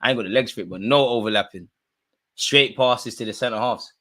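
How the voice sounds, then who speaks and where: A young, excitable man hosts a live football watch-along a little fast, packing in slang and alternating between loud outbursts and murmured asides.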